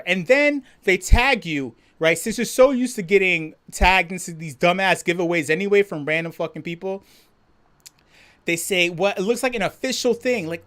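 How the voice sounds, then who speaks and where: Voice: mid-range voice, normal speed. A livestream host chatting casually, reading viewer comments and ranting with lots of swearing and laughter. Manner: profane, laughing, animated rant.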